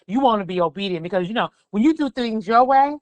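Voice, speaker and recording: A woman's voice: fairly high pitch, animated, fast, dry recording. A woman with a New York accent, a pastry chef guest chatting about faith, cheering the host on with call-and-response. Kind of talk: casual faith-based chat.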